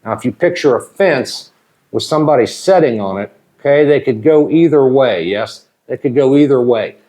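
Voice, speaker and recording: A man from Ohio, teaching slang at a whiteboard. He talks slowly and deliberately and keeps checking in with "okay?". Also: medium pitch, animated, dark tone. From Ohio, USA. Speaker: English teacher. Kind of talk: whiteboard lesson explaining slang.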